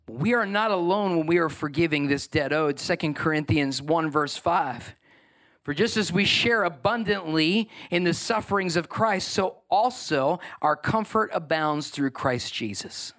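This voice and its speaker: A man preaching a sermon as pastor, emphatic and animated. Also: fairly high pitch, unhurried.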